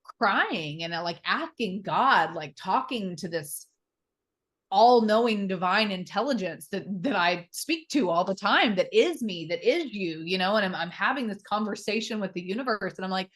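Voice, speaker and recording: A woman's voice: medium pitch, animated, normal speed, fairly bright tone. A woman in her thirties, a podcast guest, telling her personal story openly and emotionally, with fillers and the odd swear word. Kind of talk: candid personal interview.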